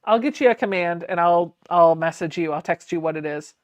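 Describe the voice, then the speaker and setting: Laughing often, a woman chats through her quilting livestream as she sews, reading viewer comments out loud and replying. Her fairly low voice moves fairly quickly, and there's no echo.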